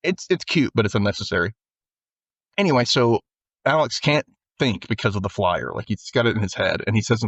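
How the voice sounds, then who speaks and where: Lively man recapping a show. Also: lowish voice, a little fast, no echo, lo-fi sound. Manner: animated, acts out characters' lines. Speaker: podcast co-host. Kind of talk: casual recap chat.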